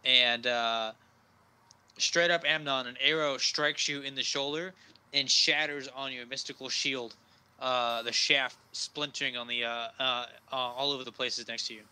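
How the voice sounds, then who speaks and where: Bright-voiced man running a tabletop game. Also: mid-range voice, fairly even intonation, clean tone. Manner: halting, with frequent uh fillers. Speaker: game master.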